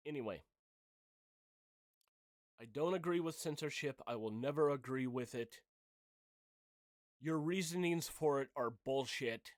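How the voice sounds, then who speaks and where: Slow-talking man in a profane rant. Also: medium pitch, dry recording, studio quality. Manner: profane, blunt, heated. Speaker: channel host. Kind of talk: opinion rant to camera.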